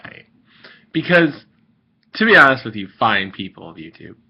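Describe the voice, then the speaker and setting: A man's voice: medium pitch, very animated, normal speed, pushed and bright, husky. A man hosting his own video, ranting in a rambling, irritated way with lots of fillers and restarts. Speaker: video host ranting to viewers. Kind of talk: casual vlog rant. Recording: dull lo-fi recording.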